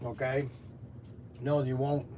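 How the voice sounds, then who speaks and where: A man who runs a hobby shop and hosts a show tells long, rambling stories in the store and gets defensive when teased, in casual storytelling and shop banter. His mid-range voice is level and slow, with a noisy background.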